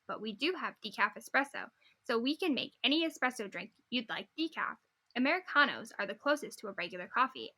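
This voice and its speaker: A young woman with a lilt co-hosts a chatty podcast, her voice bright and a touch high. She reads posts aloud in an animated way and keeps giggling mid-sentence. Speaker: podcast co-host. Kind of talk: casual chat, reading posts aloud.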